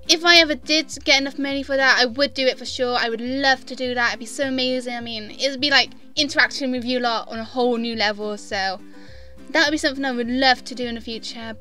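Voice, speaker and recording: A woman's voice: high-pitched, sharp tone. A young woman chatting casually in a vlog, answering viewer questions in a giggly, self-deprecating way. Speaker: gaming vlogger.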